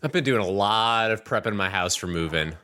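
A young man with a low voice that swings widely in pitch, co-hosting a casual podcast. He talks in an animated, easygoing way and laughs often. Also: brisk. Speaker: podcast co-host. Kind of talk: casual chat.

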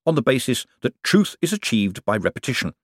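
A man voicing an old-fashioned bank clerk who speaks slowly and soothingly. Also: medium pitch, sing-song, no room sound, clean studio sound. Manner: soothing, slow.

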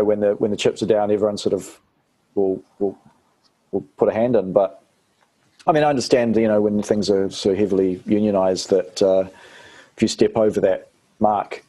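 A man's voice: on the low side, dark tone, husky. A man from New Zealand with a New Zealand accent, an actor chatting casually as an interview guest, rambling with fillers and restarts.

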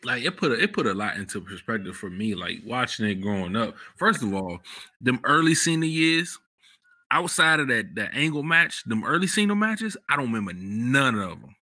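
A man hosting a podcast, talking in a relaxed, slangy way about wrestling memories, jumping up in pitch when excited. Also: normal speed, dry recording, studio quality. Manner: relaxed slangy storytelling, bursts of high excitement. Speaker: podcast host. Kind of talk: casual chat.

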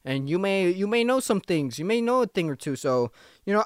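A man's voice: high-pitched, sing-song, fairly quick, clear, resonant tone, dry recording, clean studio sound. A man in his twenties hosting a casual podcast monologue, rambling, slangy and swearing, often joking, and tired from little sleep. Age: 20s. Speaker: podcast host.

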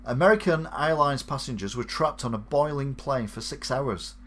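A man's voice: mid-range voice, normal speed, a bit bright. A man with a British accent hosts a weekly live show, reading odd news stories and adding sarcastic, wry asides. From United Kingdom. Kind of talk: offbeat news commentary.

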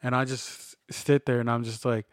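A man's voice: medium pitch, level tone, normal speed, no echo, studio quality. A man in his thirties co-hosting a casual faith talk, speaking earnestly and reflectively, often acting out what others said to him. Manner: reflective, earnest, retells conversations in quoted voices. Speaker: podcast co-host.

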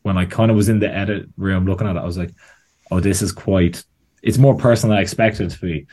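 Man, Irish accent, deep voice, film director guest, loose rambling chat, restarts sentences. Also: fairly even intonation, very fast, darkish tone, slightly rough. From Ireland. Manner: rambling, self-correcting, frequent "kind of" and "like". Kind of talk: casual interview chat.

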